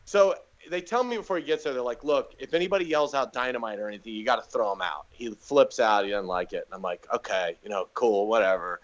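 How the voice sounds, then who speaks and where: Comedian dude spinning stories on a podcast, acts out everybody, kinda muffled recording. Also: male voice, medium pitch, fast, hardly any pauses. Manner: animated storyteller doing quoted voices. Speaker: guest comedian. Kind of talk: casual storytelling.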